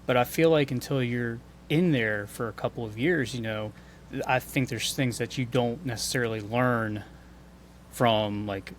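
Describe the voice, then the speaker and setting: Man, podcast guest, relaxed and thoughtful, middle pitch, light noise. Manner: relaxed, thoughtful, with many fillers. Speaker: podcast guest, teacher and musician. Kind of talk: casual chat.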